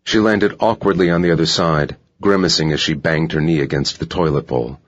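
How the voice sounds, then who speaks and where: A man narrating a thriller audiobook in a steady, measured reading. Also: very deep voice. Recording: dull lo-fi audiobook recording.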